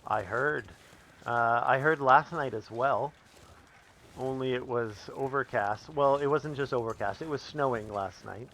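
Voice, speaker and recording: A man's voice: mid-range voice, a little slow, fairly bright tone, a little hiss or hum. A man from Northern Canada, chatting with his viewers as he streams a survival game. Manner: chatty, answering chat while playing. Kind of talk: live gameplay commentary.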